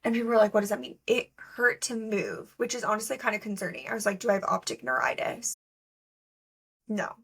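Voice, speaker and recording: A young female podcast co-host talks a little fast in a medium-pitched voice with big pitch swings. Her tone is gravelly, a bit bright, and breathy at the edge as she tells stories in a chatty, filler-heavy way.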